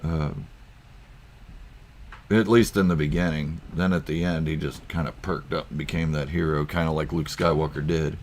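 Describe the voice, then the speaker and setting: Deep-voiced man rambling on a live stream. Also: fairly even intonation, moderate pace, a little hiss or hum. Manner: rambling, with frequent ums and chuckles. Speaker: YouTube channel host. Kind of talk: casual live-stream chat reading viewer comments. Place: at home.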